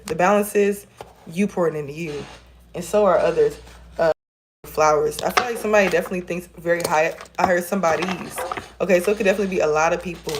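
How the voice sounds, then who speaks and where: A woman, her voice sitting a little low, talks through a tarot spread in a chatty, encouraging way and calls her viewers y'all. She records it on her phone, and a faint hiss of background noise sits under her voice. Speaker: tarot reader. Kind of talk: casual tarot reading to viewers. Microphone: phone camera.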